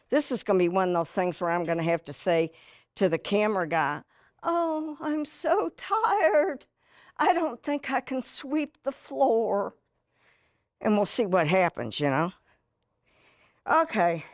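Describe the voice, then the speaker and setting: A middle-aged woman hosts a cooking demonstration in a studio kitchen, folksy and chatty as she works. Her speech is unhurried, and her pitch swings widely up and down. The sound is dry and close, with no room echo. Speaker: TV cooking show host.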